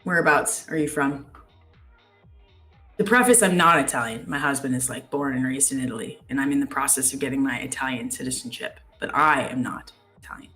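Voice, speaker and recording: A woman's voice: a bass voice, a little fast, bright, forceful tone, faint music behind. A young Canadian woman hosting a live trading stream in casual chat, reading viewer comments aloud. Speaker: trading show host.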